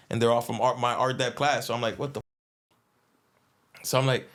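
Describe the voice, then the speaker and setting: A man's voice: medium pitch, level tone, brisk, long pauses, background noise. A man telling a long prison story in casual, slangy talk, with many restarts and fillers, and acting out the lines of other people.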